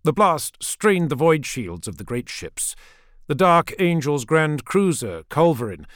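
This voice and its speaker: A man giving dramatic scripted audiobook narration, measured, dropping low at the ends of sentences. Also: no room sound, clean studio sound.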